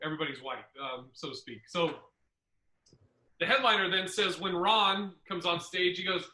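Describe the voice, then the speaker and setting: A man hosting a podcast, telling a comedy club story in a casual, profane, animated way. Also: sits high, normal speed, reverberant, low-quality recording.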